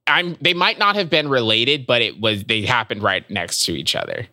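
Man, podcast co-host, bright tense tone, dry close mic, rambling casual chat. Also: mid-range voice, animated, normal speed, no echo. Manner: rambling, hesitant, full of ums.

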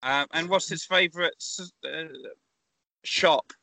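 A man co-hosting a casual podcast, reviewing films and telling pun jokes deadpan. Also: a little high, slow, gravelly, no echo. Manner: deadpan storytelling, punny jokes. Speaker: podcast co-host, film reviewer.

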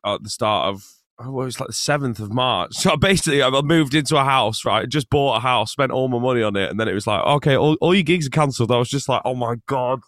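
A man's voice: mid-range voice, fast talker, fairly bright tone, no echo, studio quality. A young man with an English accent, born in Scotland, chatting easily as an interview guest, often laughing and restarting his sentences. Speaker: musician guest. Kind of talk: casual interview chat.

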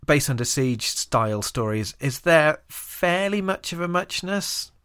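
A man's voice: on the high side, animated, a little slow, a bit bright, smooth. A man co-hosting a podcast, chatting casually and wryly explaining details of an old TV episode. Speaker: podcast co-host. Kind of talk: casual chat reviewing a TV episode.

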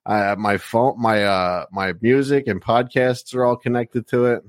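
A man's voice: medium pitch, fairly even intonation, measured pace, no room sound, studio quality. A man hosting a podcast, talking in an easygoing, rambling way with plenty of fillers. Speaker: podcast host. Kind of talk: casual chat.

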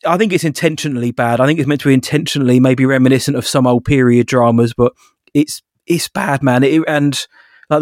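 A man's voice: medium pitch, a little mellow, no room sound, studio quality. A man co-hosting a podcast, giving candid, opinionated critique in a casual chat. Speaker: podcast co-host.

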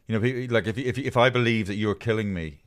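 A man's voice: lowish voice, fast. A man, co-hosting a casual chat podcast, telling stories animatedly and putting on voices. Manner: animated storytelling, puts on voices, laughs. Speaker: podcast co-host.

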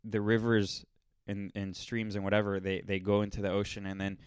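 A young man telling a rambling, sardonic story in a casual monologue, now and then mocking people in quick impressions. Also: fairly low pitch, completely flat delivery, smooth, no echo. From Los Angeles area.

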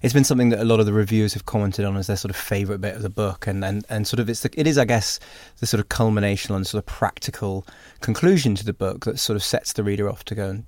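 Hesitant low-voiced male interviewer. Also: steady tone, quick pace, hardly any pauses, a little mellow, no room sound. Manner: hesitant, hedging with sort of. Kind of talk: conversational interview.

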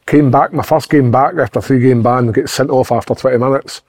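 A man's voice: medium pitch, steady tone, fairly quick, a little mellow. A middle-aged Scottish man, a podcast host, telling blunt, sweary stories in casual chat. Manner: swears freely, tells blunt anecdotes.

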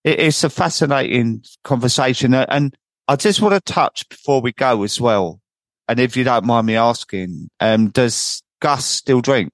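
A man's voice: mid-range voice, normal speed. A man with a mid-range voice hosts a podcast in an affirming, chatty way. He often restarts his sentences and tags on questions like "isn't it?". His voice is recorded dry and close, with no room echo. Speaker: podcast host and sobriety coach. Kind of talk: conversational interview.

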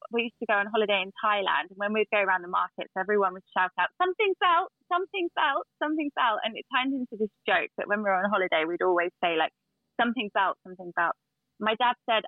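A woman's voice: mid-range voice, gravelly, no room sound. Earnest woman guest on a remote call, thin phone-line audio, lots of fillers. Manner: earnest, storytelling with restarts and fillers. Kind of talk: casual chat. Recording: dry tinny phone-like line.

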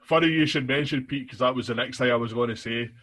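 A man's voice: medium pitch, quick pace, fairly bright tone. A man with a Scottish accent co-hosting a podcast in casual chat, hesitant with many ums and restarts. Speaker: podcast co-host.

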